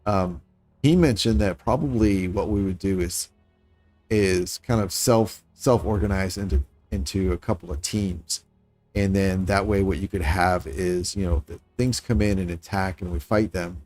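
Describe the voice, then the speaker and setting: Low-voiced man streaming a game. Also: moderate pace, a little mellow, no echo, soft background music. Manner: thinking aloud, musing and self-critical; talks to chat viewers in passing. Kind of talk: casual live-stream commentary while building.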